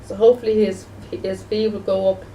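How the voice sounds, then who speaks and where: A woman's voice: mid-range voice, flat delivery, fairly quick, dark tone. A woman vlogger talking casually to the camera, rambling and repeating herself with many restarts, recorded from a distance. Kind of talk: casual home video talk. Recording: distant mic with faint background noise.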